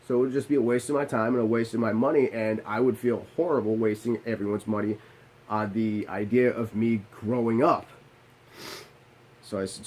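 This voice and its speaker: A man's voice: fairly low pitch, fairly even intonation, moderate pace, a little mellow, rough recording. A man in his late twenties telling a candid, self-deprecating story about his past in a rambling, profane vlog style, restarting his sentences often. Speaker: vlogger. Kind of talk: confessional storytelling.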